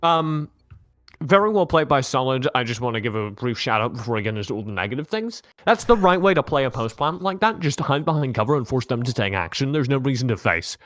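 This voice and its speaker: Guy casting mobile cod pro matches, super animated voice, dry close mic. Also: medium pitch, brisk, no room sound. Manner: joking, analytical banter. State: tired from no sleep. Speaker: esports caster. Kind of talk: live esports commentary.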